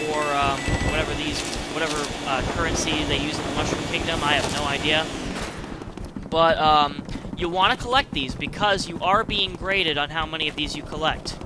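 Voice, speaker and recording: A man's voice: a little high, heavy background noise. A young man giving casual, rambling gameplay commentary with many fillers and restarts, as a let's player. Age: young adult. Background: game music.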